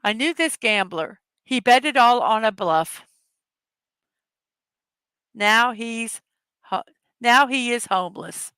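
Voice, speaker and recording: Woman, morning show host, casual chat, upbeat, unhurried, clear voice. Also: on the high side, expressive, bright, forceful tone, no echo. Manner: upbeat, chatty, greets viewers by name; reads words slowly one at a time. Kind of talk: casual livestream chat, reading puzzle words and memes aloud.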